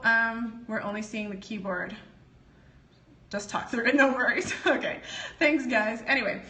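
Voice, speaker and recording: A bright, forceful voice, sitting a bit high for a woman. She teaches in a loose live-stream chat and keeps drifting off topic. She laughs often and talks straight to her viewers. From United States. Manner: chatty and digressive, often laughing, answers live comments. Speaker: business educator hosting a live stream.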